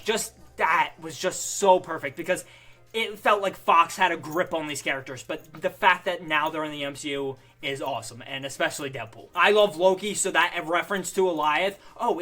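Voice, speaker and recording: A young man with a bright, forceful voice and a slightly high pitch, talking through a movie review. He gushes excitedly and fills his talk with "like". Faint music plays underneath. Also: moderate pace. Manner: excitable, gushing, heavy use of "like". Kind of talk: casual spoken movie review.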